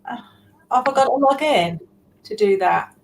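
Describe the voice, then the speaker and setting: High lively woman at a quiz, chatty, giggly, jokes about herself. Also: moderate pace, creaky, low-quality recording. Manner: chatty, self-deprecating, giggly. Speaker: quiz player. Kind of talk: casual chat.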